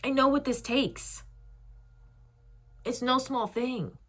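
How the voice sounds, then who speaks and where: A young woman reading oracle cards, speaking softly and affectionately to the viewer with emotional encouragement. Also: sits high, steady tone, slow pace. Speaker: tarot reader. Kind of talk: channeled oracle message to viewer.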